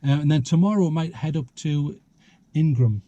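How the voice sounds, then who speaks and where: A man's voice: on the high side, moderate pace, warm tone, muffled recording. Joking man outdoors. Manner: joking, rambling, chuckles often. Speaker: vlog host. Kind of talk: casual outdoor chat. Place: outdoors in a small town street.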